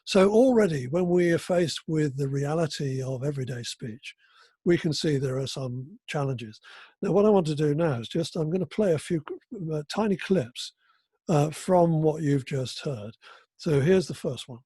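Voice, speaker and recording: An older man giving an academic conference keynote, talking haltingly with many fillers and restarts. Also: fairly high pitch, animated, warm tone, breathy edge, no room sound. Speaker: keynote speaker.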